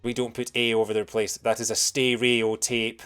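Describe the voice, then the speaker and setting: A man's voice: medium pitch, level tone, normal speed, a bit bright, clear, resonant tone, soft background music. A young British man giving casual commentary while playing a video game, rambling with lots of fillers as he answers chat.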